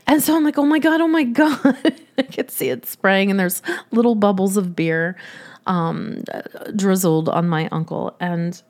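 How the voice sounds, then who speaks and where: A woman telling a funny personal story in a lively way, often breaking into laughter as she talks. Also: fairly low pitch.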